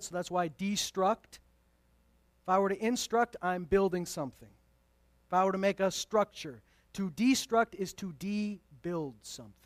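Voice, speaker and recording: High voiced guy preaching, dry close mic, gets loud then goes quiet and jokey. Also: dry recording. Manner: emphatic, swings from loud to hushed; conversational and playful asides. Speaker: pastor. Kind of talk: sermon.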